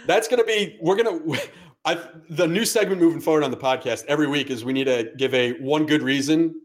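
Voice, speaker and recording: A man's voice: a little high, a little fast. A man co-hosting a podcast, talking sports in a blunt, sarcastic way and swearing casually. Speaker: podcast co-host.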